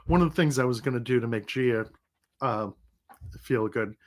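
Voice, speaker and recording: Middle-aged male stream host, recovering from illness, loose rambling chat, mid-pitched voice. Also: normal speed. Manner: rambling, chatty, laughs easily. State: sick, recovering. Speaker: livestream host. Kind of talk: casual livestream chat.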